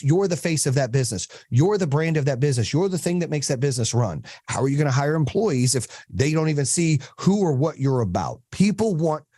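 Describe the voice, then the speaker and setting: A man's voice: fairly high pitch, mellow, no echo, studio quality. Blunt, profane man coaching a group. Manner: blunt, profane storytelling with acted quotes. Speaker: podcast host and business coach. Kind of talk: casual coaching talk to a small group.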